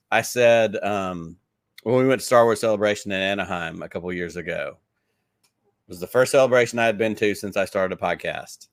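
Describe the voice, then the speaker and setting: A man with a Southern US accent speaks in a low voice, recorded close and dry with no room sound. He rambles eagerly through his stories, leaning on "like" as he goes. It sounds like a relaxed podcast interview. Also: clear, resonant tone, no room sound. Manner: enthusiastic rambling storyteller, many "like"s. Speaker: podcast guest. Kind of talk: casual interview chat.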